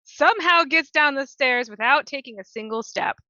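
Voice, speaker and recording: A woman playing in a tabletop role-play, slowly describing her character's actions. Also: sits high, lively intonation, bright, forceful tone, no echo, highs cut off. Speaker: player.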